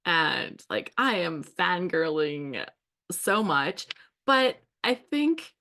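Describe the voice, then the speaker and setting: A woman's voice: lowish voice, sing-song, drawn-out words, gravelly, bright, forceful tone. A woman hosting a scrapbooking livestream, telling stories in a casual, chatty way with frequent laughs and fillers. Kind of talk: casual storytelling chat while crafting.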